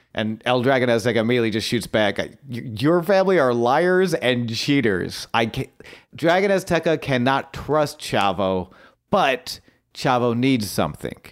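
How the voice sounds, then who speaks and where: A man in a relaxed podcast chat walks through what happened on screen, keen and talkative. His voice sits at an ordinary middle pitch, and he often stops and restarts his sentences with little fillers. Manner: eager storytelling recap with fillers and restarts. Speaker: podcast co-host. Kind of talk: casual recap chat.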